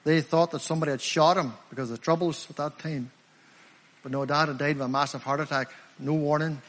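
A middle-aged man with a Northern Irish accent preaching an evangelistic sermon, fervent and emphatic, slowing down to stress key phrases. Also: fairly high pitch, steady tone, fairly bright tone. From Northern Ireland. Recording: echoey hall, long reverb.

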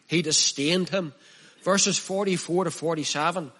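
Male preacher, high voice, bright and forceful tone, impassioned sermon, swings from hushed to loud. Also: a little slow, long pauses. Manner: reads scripture aloud and expounds it.

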